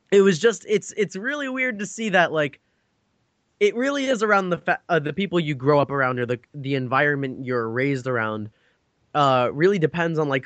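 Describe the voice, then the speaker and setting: Young guy rambling thru a story, high voice that jumps all over, swears a ton, dry sound. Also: fairly bright tone, dry recording. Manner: rambling, swears often, laughs a lot. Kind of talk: casual chat, storytelling.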